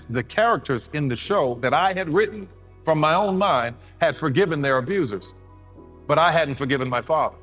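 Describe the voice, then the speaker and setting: A man's voice: mid-range voice, a bit bright. A man giving a motivational speech in a storytelling, sermon-like way, repeating key words for emphasis. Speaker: motivational speaker.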